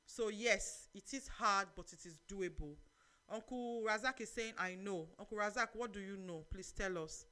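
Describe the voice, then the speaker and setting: A middle-aged woman with a Nigerian accent hosting a live church talk show, preaching lively advice and reading out viewer comments. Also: medium pitch, normal speed. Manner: lively, preachy, mixes in Nigerian Pidgin phrases.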